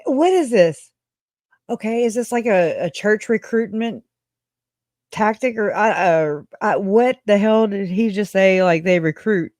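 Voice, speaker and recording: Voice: medium pitch, unhurried, darkish tone, dry recording, studio quality. A commentator reacting to clips in a mocking, blunt way, swearing freely.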